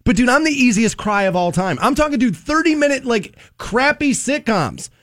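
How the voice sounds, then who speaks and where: High-voiced man in dry studio banter. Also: normal speed, no echo. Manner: animated, self-mocking, says "dude" a lot. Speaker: radio show host. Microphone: studio microphone.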